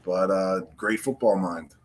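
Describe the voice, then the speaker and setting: Relaxed man in joking football banter. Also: low-pitched, a little slow, slight background noise. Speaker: guest co-host. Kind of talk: casual football chat.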